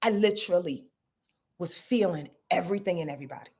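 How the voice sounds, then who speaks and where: A woman's voice: on the low side, fast, a little mellow, slightly rough. A middle-aged woman astrologer talking frankly in a casual confessional vlog, rambling and swearing freely.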